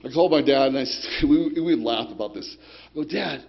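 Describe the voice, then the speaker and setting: Speaking briskly with vocal fry, a man in the mid-range shares his recovery testimony with a recovery group. The talk is rambling and street-smart, peppered with swearing and repeated "you know, right?" questions, and the audio is muffled.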